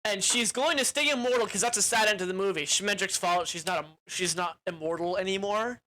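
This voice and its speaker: A young man with a bright, edgy voice talks through a movie plot in a loose, rambling way. He is crude and casual, and he strings his thoughts together with "like" and restarts. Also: sits high, brisk, a little hiss or hum. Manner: rambling, crude, with frequent "like" fillers. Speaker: movie reviewer.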